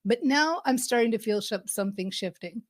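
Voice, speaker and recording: Woman, middle-aged, motivational coach, upbeat, emphatic, slightly high voice, dry close sound. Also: expressive, brisk, no room sound. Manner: upbeat, emphatic, acts out enthusiastic self-talk. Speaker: mindset coach. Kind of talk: motivational talk.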